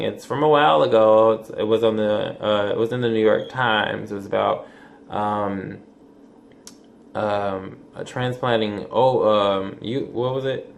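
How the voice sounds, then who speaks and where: A man's voice: on the low side, vocal fry, a little hiss or hum. A man in his twenties talking casually to camera in a rambling vlog, with lots of fillers, restarts and swearing. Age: 20s. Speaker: vlogger.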